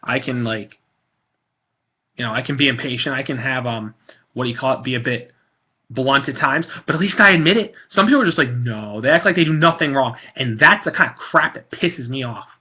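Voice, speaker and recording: A man's voice: medium pitch, brisk, slightly rough, muffled recording. A man ranting angrily and bluntly to camera in a vlog, repeating himself and swearing. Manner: angry, blunt, repetitive, swearing. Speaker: card-collecting vlogger.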